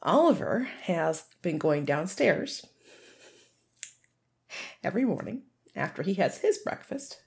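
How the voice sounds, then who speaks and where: A woman's voice: fairly low pitch, sing-song, slow pace, vocal fry, long pauses, a little mellow. A woman chatting casually on a podcast, telling a story, laughing often and swearing freely.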